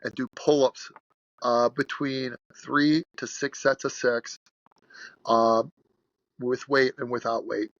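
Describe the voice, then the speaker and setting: Gravelly, bright-voiced man in his sixties. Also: mid-range voice, slow pace, muffled recording. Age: 60s. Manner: blunt, animated storyteller. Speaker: strength coach guest. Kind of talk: podcast interview storytelling.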